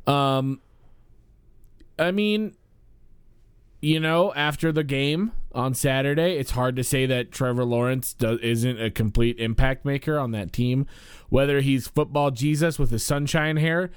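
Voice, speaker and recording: A man co-hosting a sports podcast, talking in an animated, casual way and swearing freely. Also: mid-range voice, a little slow, clear, resonant tone, no room sound, clean studio sound. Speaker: podcast co-host.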